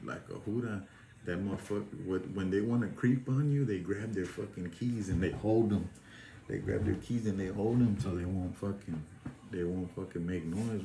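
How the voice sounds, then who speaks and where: A man's voice: sits low, warm tone. A man telling a rambling prison story in casual, profane street slang. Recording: echoey room with faint noise.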